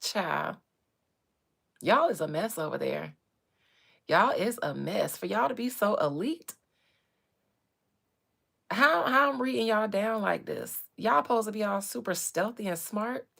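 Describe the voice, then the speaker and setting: A woman's voice: mid-range voice, expressive, a little slow, vocal fry, long pauses, fairly bright tone. A woman hosting a live stream, ranting in a blunt, slangy, profane and sassy way. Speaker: livestream host.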